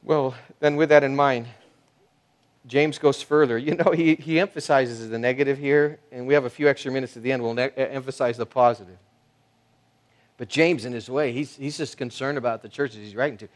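Male pastor, mid-pitched voice, chatty sermon, drops to quiet asides then punches words loudly. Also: fairly even intonation, normal speed. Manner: conversational, many fillers and restarts; swings between soft asides and loud emphasis.

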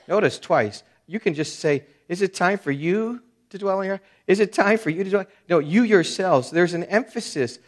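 A man preaching an expository sermon, emphatic and conversational, with frequent fillers and restarts. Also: a little high. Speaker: pastor.

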